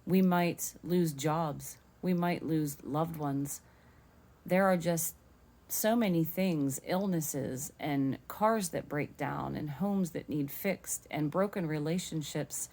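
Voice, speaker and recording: A woman giving a devotional teaching, walking gently and earnestly through scripture step by step. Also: low-pitched, slow pace.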